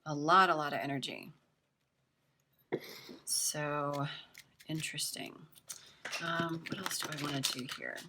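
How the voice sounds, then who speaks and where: A woman's voice: low voice, unhurried, long pauses, background noise. A young woman giving a casual tarot reading, chatty and reassuring, with lots of filler words. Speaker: tarot reader.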